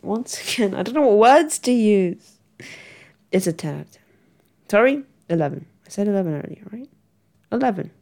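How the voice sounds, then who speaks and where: A woman's voice: mid-range voice, animated, normal speed, pauses often, mellow. A young woman, chatting casually to camera in a giggly, rambling, self-mocking way. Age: young adult. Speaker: vlogger.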